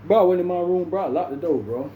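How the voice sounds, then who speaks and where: A man's voice: sits high, fast talker, phone-quality sound, slight background noise. Laid-back young man in an echoey room. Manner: laid-back, says "bro" constantly, acts out other people's lines. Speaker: vlogger. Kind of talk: casual storytelling to camera.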